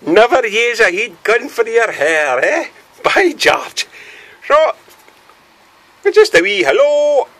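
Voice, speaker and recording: A man's voice: very high-pitched, sing-song, slow pace, pauses often, a bit bright. A Scottish man chatting casually to the camera in a small hut, rambling on and ending nearly every phrase with a questioning "eh?". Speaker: vlogger. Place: small cluttered wooden hut, indoors.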